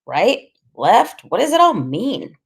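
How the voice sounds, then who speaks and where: A woman narrating a storybook audiobook in the first person, expressive and conversational. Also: a little high, slow, gravelly, husky.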